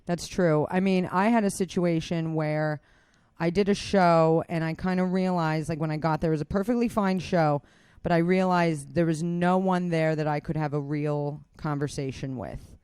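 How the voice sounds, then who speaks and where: A woman with a deep, steady, smooth voice and a darkish tone talks at normal speed, with no echo. She's a comedian co-hosting a podcast indoors, keeping the chat casual and candid, cursing freely and mocking herself.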